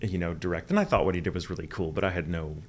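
A man's voice: deep voice, fairly even intonation, racing, slight background noise. A man in his forties from Texas, a voice actor telling his story in a podcast interview, candid, profane and self-deprecating. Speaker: voice actor guest.

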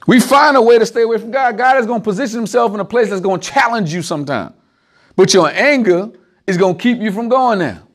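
A man with a notably high voice gives an informal sermon to a small group. He talks conversationally, tossing out rhetorical questions and chuckling as he goes.

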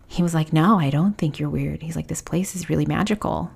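A woman podcast host telling a personal story in a confessional way, often dropping to a hushed whisper when quoting people. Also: deep voice, steady tone, a little fast, gravelly, few pauses, breathy edge.

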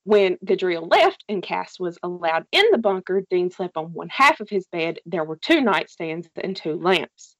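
A woman's voice: lowish voice, big pitch swings, unhurried, few pauses, no room sound. A woman casually recapping a TV series with a co-host, telling it animatedly, swearing freely and laughing often. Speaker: podcast co-host.

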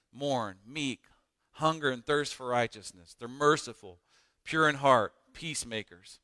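A man preaching a sermon as pastor, emphatic, with dramatic pauses and rising emphasis. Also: a little high, sharp tone, dry recording, studio quality, in a large hall.

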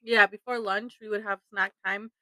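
A woman's voice: mid-range voice, level tone, normal speed, bright, forceful tone, dry recording, low-quality recording. A young woman from Toronto co-hosting a casual podcast chat, laughing and snacking as she talks and swearing casually. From Toronto, Canada. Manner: laughs often, eats while talking, swears casually. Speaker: podcast co-host.

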